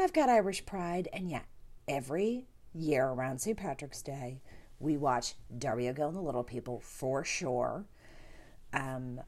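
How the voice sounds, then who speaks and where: Low-voiced chatty woman podcaster. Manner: chatty, animated, playful asides. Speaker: podcast host. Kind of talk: casual podcast chat.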